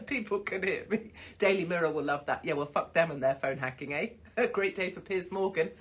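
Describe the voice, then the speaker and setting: A woman's voice: fairly low pitch, lively intonation, normal speed, husky. A woman hosting a casual livestream from a hotel room on her phone, swearing bluntly and mocking people with frequent laughter. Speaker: livestream host.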